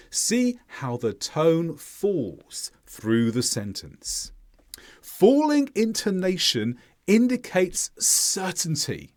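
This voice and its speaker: A male English teacher explains his lesson in a clear, deliberate way. His voice sits a little above average in pitch and swings up and down with animated intonation.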